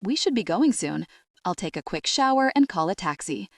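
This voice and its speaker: A woman voicing a calm, concerned husband in an audiobook. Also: mid-range voice, moderate pace, dry recording, studio quality. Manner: reserved, soothing.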